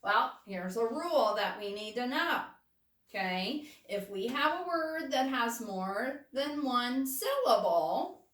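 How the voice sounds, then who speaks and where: A woman teaching a phonics lesson to first graders, patient and steady, checking in with the children after almost every point. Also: high-pitched. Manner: slow, patient, checks in with "okay?" often. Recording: roomy, mic at a distance.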